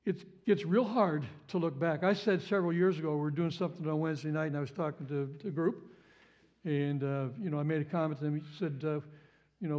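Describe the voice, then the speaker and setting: A man with a high, light voice delivers a sermon as a pastor. He builds with repetition, leans on phrases again and again, and breaks into sudden sharp exclamations. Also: fairly even intonation, fast. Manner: impassioned, repeats phrases, jumps to high exclamations.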